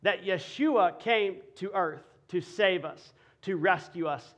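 A male pastor preaching a sermon, building from quiet explanation to loud, passionate emphasis. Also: sits high, takes it slowly. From Texas.

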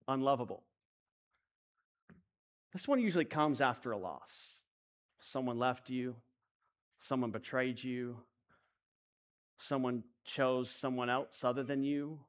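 A man preaching a sermon, moving between hushed, intimate lines and emphatic rises. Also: mid-range voice. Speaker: pastor.

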